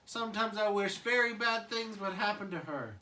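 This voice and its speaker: A fed-up cartoon baby boy whines in a raised, bright voice, as a man acts him out. He sounds a little distant from the mic. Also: high voice, expressive, normal speed, pitched above the performer's own voice. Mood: exasperated. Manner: whiny and exasperated. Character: grumpy baby boy leader, Tommy.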